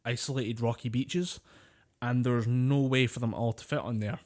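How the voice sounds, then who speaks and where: A man's voice: medium pitch, steady tone, moderate pace, a little mellow. A man co-hosting a podcast, telling long rambling stories in casual chat, swearing freely and laughing often. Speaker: podcast co-host.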